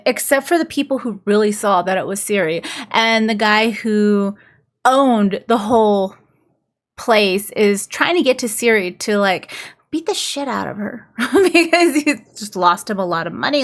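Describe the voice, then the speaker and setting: A woman's voice: mid-range voice, a bit bright. A woman casually recapping a book's plot, talking in a loose, chatty way with lots of "like" fillers. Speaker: book reviewer.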